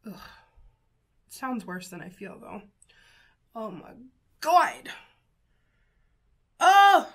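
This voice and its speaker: A woman's voice: medium pitch, measured pace, long pauses, breathy edge. A woman beauty vlogger with a sniffly nose, chatting casually through a makeup tutorial in a gushing way. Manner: gushing, chatty, lots of fillers and exclamations.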